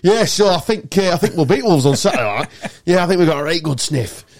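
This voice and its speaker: A man's voice: a little high, lively intonation, fast, voice pushed up. A man voicing a chatty, jovial Yorkshire football fan, putting on a Yorkshire accent. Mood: chummy. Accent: Yorkshire, put on.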